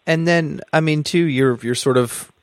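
A man's voice: a little high, measured pace, no room sound. A man hosting a podcast, asking rambling questions in casual chat. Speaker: podcast host.

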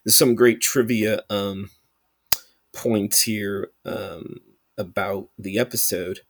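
A man's voice: fairly low pitch, steady tone, slow pace, no room sound. A man casually reviewing an old sci-fi episode as a channel host, rambling with lots of fillers and restarts while enthusiastically recommending it.

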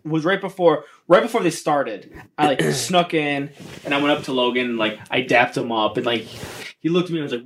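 A man's voice: medium pitch, normal speed, a little hiss or hum. A man co-hosting a casual podcast, telling rambling stories full of "like" and frequent laughs. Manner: rambling, heavy use of "like", laughs often. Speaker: podcast co-host.

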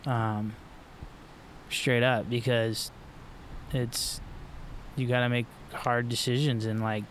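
A man's voice: mid-range voice, flat delivery, takes it slowly, slight background noise. A middle-aged man from Florida, a pro surfer guest, talking in a loose, rambling way with lots of fillers and restarts. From Florida, USA. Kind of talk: casual podcast conversation.

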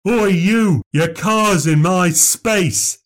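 A man's voice: fairly high pitch, lively intonation, extremely slow, pitched above the performer's own voice, heavily acted. A man voicing a dishevelled, drunk old man, bellowing and ranting in a story. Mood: drunken rage. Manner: shouting, ranting, slurred bellowing.

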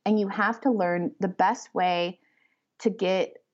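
A woman author talking as a podcast guest, rambling and animated, with many fillers as she explains her ideas. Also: medium pitch, takes it slowly. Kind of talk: conversational interview. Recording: slightly muffled lo-fi audio.

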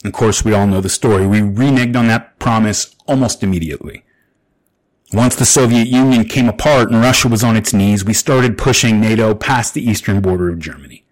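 A man's voice: on the low side, fairly quick, rough recording. A man hosting a solo podcast, earnest and a bit agitated, reading long quotations aloud over a makeshift recording setup away from home. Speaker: podcast host. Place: away from home, not his usual studio. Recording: makeshift setup, imperfect audio.

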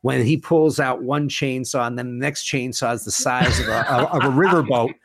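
A man chatting enthusiastically as a guest, animated, with casual swearing. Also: mid-range voice, normal speed, no room sound. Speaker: guest, horror author and podcast host. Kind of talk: casual conversation.

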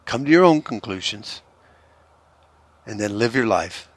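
A man's voice: lowish voice, animated, measured pace. A middle-aged man hosting a podcast, chatting casually and cursing freely as he drives through a small town. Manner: profane, easygoing, drifting into a joking Australian put-on. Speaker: podcast host. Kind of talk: casual rambling monologue while driving through a town.

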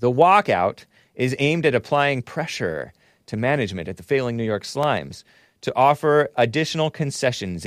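A man's voice: mid-range voice, dry recording. A male host talks his way through a loose, opinionated monologue, mocking the news with sarcastic asides. He trips over names, spells them letter by letter and wanders off topic. His mid-range voice sits on a dry, close studio mic. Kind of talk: opinionated talk show monologue.

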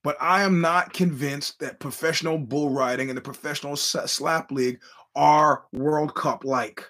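A man's voice: on the high side, fairly even intonation, normal speed, fairly bright tone. A man hosting a podcast, telling a story in a rambling, casual monologue and acting out the quoted voices. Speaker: podcast host.

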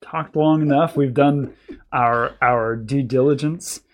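A man's voice: mid-range voice, takes it slowly. A man hosting a faith podcast with his wife, talking in an easy, casual way with frequent fillers. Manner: relaxed, many fillers and restarts. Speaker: podcast host and pastor. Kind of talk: casual chat.

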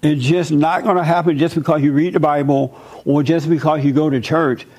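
A man's voice: a little high, fairly even intonation, a little fast, a little mellow. A man giving an informal sermon in a conversational, folksy way, telling personal stories.

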